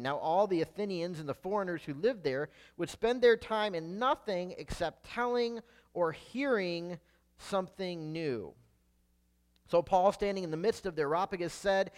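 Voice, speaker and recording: A man's voice: high-pitched, animated, moderate pace. A man preaching a sermon, reading scripture and then explaining it in an earnest storytelling manner.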